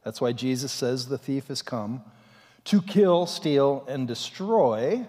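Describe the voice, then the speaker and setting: A man preaching a sermon as pastor, in an animated and dramatic way, in a church sanctuary. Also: mid-range voice, slow pace. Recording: long reverb in a church hall.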